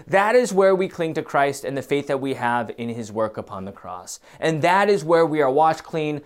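A man preaching a sermon, swinging between loud, emphatic passages and quiet, hesitant musing with many fillers. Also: fairly high pitch, wildly swooping pitch, normal speed, few pauses.

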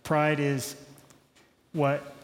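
A man preaching a sermon in a conversational, animated way, acting out quoted dialogue. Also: on the high side, drawn-out words, long reverb tail. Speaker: pastor.

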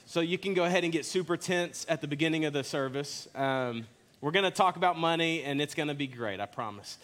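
A male pastor delivers a sermon in a church, joking easily as he tells his stories. His voice sits a little high for a man, and he sounds to be in his thirties. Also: a little fast. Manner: relaxed, joking storyteller. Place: church sanctuary.

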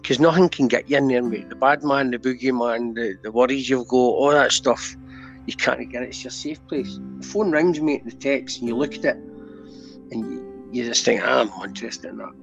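A man's voice: mid-range voice, moderate pace, vocal fry. Scottish man, middle-aged, earnest chatty guest, dull lo-fi sound, faint music behind. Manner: earnest, with constant "mate" and "do you know what I mean". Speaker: podcast guest. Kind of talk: candid conversational storytelling.

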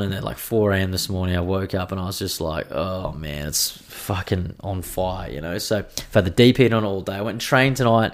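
A young man hosting a podcast, telling stories in a rambling, casual monologue full of swearing. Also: fairly low pitch. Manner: rambling, profane storytelling. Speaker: podcast host.

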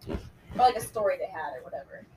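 A woman's voice: lowish voice, animated, quick pace, warm tone, distant mic, a little hiss or hum, low-quality recording. A young woman leading a casual group chat, giggly and rambling with many fillers. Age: young adult. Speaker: group discussion leader.

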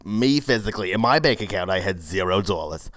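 In an improvised comedy monologue, a man plays a brash woman of about forty who runs a failing cold-yoga studio, rambling with lots of "uh" and "you know" and talking crudely and matter-of-factly. His voice is low-pitched, expressive, fairly quick, and a bit bright, with no echo.

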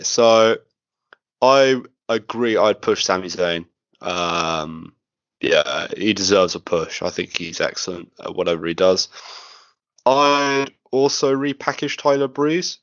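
A man's voice: lowish voice, a bit bright, smooth, no room sound. A man hosting a casual, joking podcast chat with friends. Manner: laid-back, jokey, swears. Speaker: podcast host. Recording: dull lo-fi recording.

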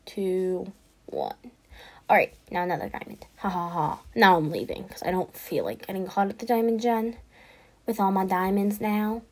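A woman giving casual gameplay commentary, chatty and excitable, who often drops into a whisper. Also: medium pitch. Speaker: gaming podcaster.

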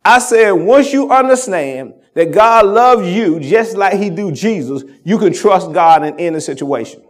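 A man with a high, bright-sounding voice delivers a sermon as a senior pastor. He preaches in call-and-response fashion and swells to fervent peaks. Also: lively intonation, a little slow.

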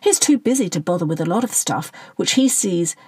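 A woman's voice: on the low side, lively intonation, brisk, darkish tone, slightly rough, dry recording. A woman reading the part of a worried, self-important middle-aged male politician, moaning and gossipy.

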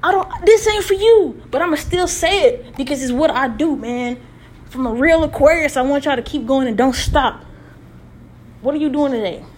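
High-pitched woman hyping up her podcast listeners, repeats herself like a preacher, faint hiss behind. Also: normal speed, a little mellow. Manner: emphatic, repetitive, preacher-like exhortation. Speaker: podcast host. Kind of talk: motivational podcast monologue.

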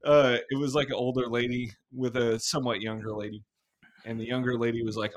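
Young dude hosting a podcast, cussing a lot, just chatting, average voice. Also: male voice, medium pitch, a little fast. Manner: crude, animated storytelling, swears often. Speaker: podcast host. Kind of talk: casual podcast chat.

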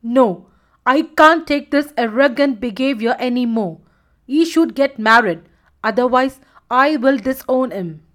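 A woman voicing a stern, angry male lion who leads his pride, speaking loudly and indignantly. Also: high voice, animated, unhurried. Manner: loud, indignant.

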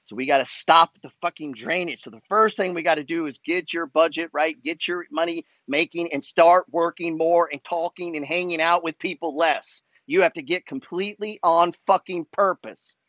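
A fairly high-pitched, slightly bright male voice comes through lo-fi, echo-free audio at a normal speed with few pauses. He hosts a money talk show, reading follower emails in a fired-up, pushy, profane motivational rant where he swears constantly.

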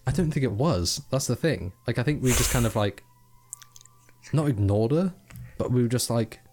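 A man's voice: mid-range voice, lively intonation, moderate pace, a little mellow, soft background music. A young man, co-hosting a podcast in casual chat, rambling and swearing freely as he mimics people. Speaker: podcast co-host.

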